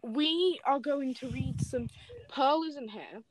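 A woman's voice: high voice, takes it slowly, a crowd in the background. Young woman reading fanfic dramatically. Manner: reads melodramatically, breaks into laughter and jokes. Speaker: host reading fan fiction aloud. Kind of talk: casual chat with dramatic reading.

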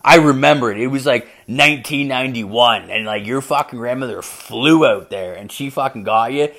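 A man's voice: mid-range voice, normal speed, a bit bright. A man quoting his father in a raised, offhand voice as he bluntly retells old events. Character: casual blunt father, middle-aged man.

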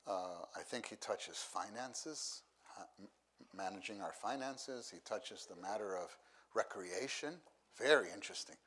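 A middle-aged man delivering a sermon in a fairly low voice. He talks slowly and deliberately, going back over his key phrases to drive them home. His tone stays measured and unhurried throughout. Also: a bit bright. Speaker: preacher.

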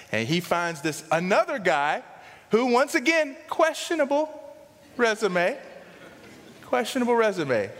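A male pastor preaching a sermon in an animated way, swinging from loud excitement to hushed emphasis. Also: a little high, long reverb tail.

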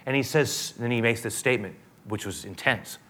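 A man preaching a sermon and then leading a prayer, earnest and emphatic, moving from loud, stressed preaching to a hushed, gentle prayer voice. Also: medium pitch, brisk. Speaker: pastor.

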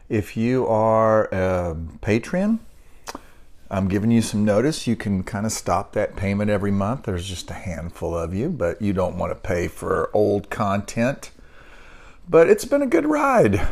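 Animated, wry middle-aged male podcaster. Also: mid-range voice. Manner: rambling, wry grumbling about everyday annoyances. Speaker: podcast host. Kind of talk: casual solo podcast monologue.

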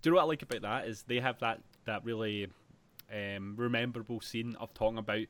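A man chatting about films on a podcast, animated and laughing a lot. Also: on the low side, quick pace. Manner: animated, laughs often, acts out scenes loudly. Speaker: podcast co-host. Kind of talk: casual film chat.

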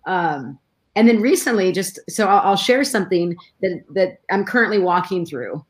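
A woman's voice: lowish voice, expressive, moderate pace. A middle-aged woman, a guest in a conversation, telling a personal story with emotion and many restarts.

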